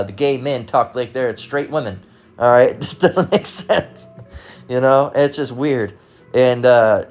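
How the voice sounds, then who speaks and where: An American man ranting at an ordinary middle pitch, heated and sarcastic, swearing often and stumbling over restarts. Faint music runs softly behind his voice. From United States. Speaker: vlogger. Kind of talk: casual rant.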